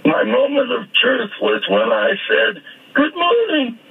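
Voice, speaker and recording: Raspy older man on a phone line. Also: huge pitch swings, measured pace. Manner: whimsical, jumps into high squeaky bursts. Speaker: guest. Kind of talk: playful anecdotal storytelling.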